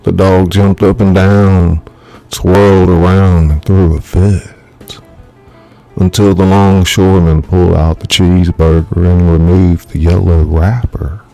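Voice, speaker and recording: A man, an author, reading his own thriller novel aloud in measured, dramatic storytelling. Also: deep voice, little pitch movement, vocal fry, mellow, soft background music. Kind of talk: live audiobook narration.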